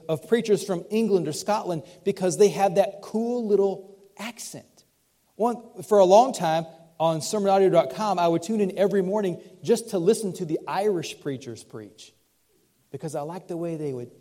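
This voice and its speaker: A man's voice: on the high side, dark tone. A male pastor with a mixed Southern US accent, preaching a sermon in a church in a conversational way with light asides. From Southern United States. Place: church sanctuary.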